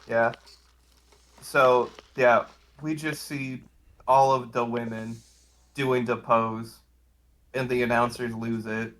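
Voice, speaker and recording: A man's voice: mid-range voice, little pitch movement, takes it slowly, pauses often, fairly bright tone, low-quality recording. A man co-hosting a casual comedy podcast, adding dry, wry asides about a wrestling show. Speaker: podcast co-host. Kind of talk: casual comedic recap chat.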